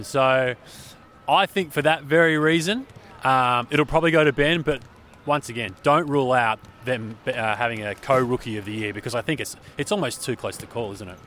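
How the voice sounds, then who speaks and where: A man with an Australian accent, a sports journalist chatting as an interview guest at an arena, talking in an animated way with plenty of fillers. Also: medium pitch, moderate pace, a little hiss or hum. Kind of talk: casual interview chat. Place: sports arena after a game.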